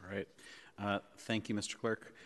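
A man chairing a public board meeting in a city hall chamber, measured and pausing often with ums and uhs. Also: fairly low pitch, flat delivery, a bit bright. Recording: long reverb of a large chamber.

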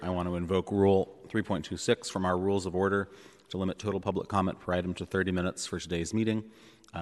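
Deep voiced guy chairing a board meeting, kinda loose with the ums, echoey hall. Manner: relaxed, with fillers. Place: city hall chamber. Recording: long reverb of a hall.

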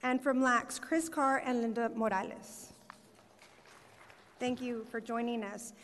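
A woman's voice: on the high side, steady tone, measured pace, a bit bright, a little hiss or hum. A woman from giving a formal welcome speech as a city communications director, upbeat and reading out names with small fillers. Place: performing arts center hall. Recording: long hall reverb.

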